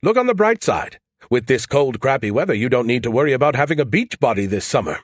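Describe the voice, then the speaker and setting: A man's voice: medium pitch, very animated, fast, dry recording, studio quality, voice pushed up. A man voicing a smug, teasing artificial intelligence that lives in a beer can, with a mock-innocent, needling manner, for an audiobook.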